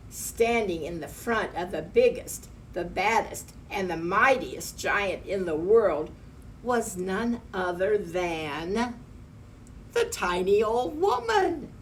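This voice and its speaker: Reading a children's picture book slowly, this woman storyteller pauses to point at the pictures. Her voice is lowish, captured off-mic from some distance, with a faint hum in the background.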